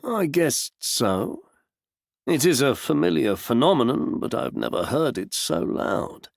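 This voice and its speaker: A man's voice: medium pitch, big pitch swings, unhurried, creaky, dry recording, studio quality, pitched above the performer's own voice, heavily acted. A man voicing a stern, abrupt spirit medium. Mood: calm, assured. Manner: abrupt, composed.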